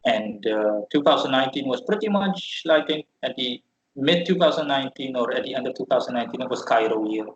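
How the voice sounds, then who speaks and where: A man tells a personal story as a podcast guest in a loose, animated way, acting out the people in it and stumbling into restarts. His voice sits at an ordinary pitch. The recording is dull and lo-fi, with an echoey room around him. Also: brisk. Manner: animated, acts out quoted people, frequent restarts. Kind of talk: casual storytelling. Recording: roomy, dull lo-fi sound.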